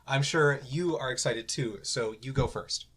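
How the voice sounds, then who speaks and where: A young man hosts a casual podcast in a playful, joking manner. His voice sits at an ordinary middle pitch. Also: measured pace, a bit bright, husky. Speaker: podcast co-host. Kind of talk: casual chat.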